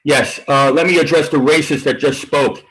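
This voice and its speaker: A man's voice: fairly high pitch, fairly even intonation, moderate pace, fairly bright tone, poor audio. A man calling in to a public meeting, combative and argumentative. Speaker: public commenter. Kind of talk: public comment.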